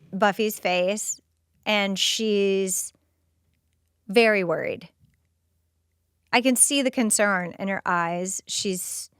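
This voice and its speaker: Slow, expressive woman recapping an episode. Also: mid-range voice, clean tone, dry recording, studio quality. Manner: expressive, slips into quoted dialogue. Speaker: podcast host. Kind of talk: casual episode recap commentary.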